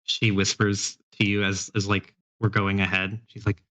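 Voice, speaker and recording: A man's voice: fairly low pitch, little pitch movement, moderate pace, a bit bright, dull audio. A man running a tabletop horror game as game master, describing scenes in a rambling, filler-heavy way. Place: live stream.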